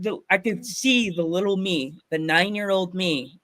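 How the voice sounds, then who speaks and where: A man from Pennsylvania hosting a casual podcast, telling stories with lots of excitement and frequent laughter. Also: sits high, a little slow, no room sound. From Pennsylvania, USA. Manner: excited storytelling, laughs often. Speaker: podcast host.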